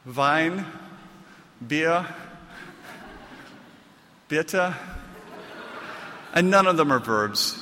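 Casting: American man, higher voice, animated and self-mocking storyteller, echoey hall. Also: very slow, long pauses, a little hiss or hum. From United States. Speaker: author giving a reading. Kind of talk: comic storytelling to a live audience.

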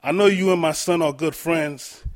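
A man's voice: a little high, moderate pace, close to an everyday voice. A man doing a fatherly old pizzeria owner. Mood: friendly. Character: friendly fatherly older male pizzeria owner.

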